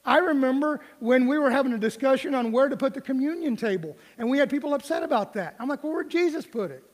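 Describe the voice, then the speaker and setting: Middle-aged male pastor, very high voice, folksy humorous preaching, reverberant sanctuary. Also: fast. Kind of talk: sermon. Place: church sanctuary.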